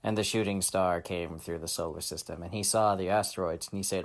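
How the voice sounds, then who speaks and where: A man hosting a children's story podcast, telling an improvised tale with shouted sound effects and dramatic hushed asides. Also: lowish voice, measured pace.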